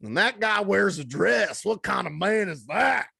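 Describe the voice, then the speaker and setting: Expressive young dad bantering on a podcast. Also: male voice, sits high, measured pace, vocal fry, husky, no room sound, clean studio sound. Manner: jokey, acts out quoted voices. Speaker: podcast co-host. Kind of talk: casual banter.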